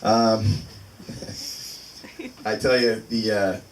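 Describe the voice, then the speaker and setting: Extremely slow, with a lowish voice and fairly even intonation, a man in his thirties performs open mic stand-up in a small venue. He rambles and cuts in on himself with fillers, recorded by a distant mic over loud room noise.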